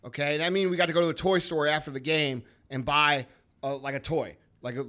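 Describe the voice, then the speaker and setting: A man in his thirties hosts a podcast, telling stories with emphatic, profane energy. His voice is bright and forceful, pitched a little high. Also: steady tone, fairly quick. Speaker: podcast host. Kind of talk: casual podcast chat.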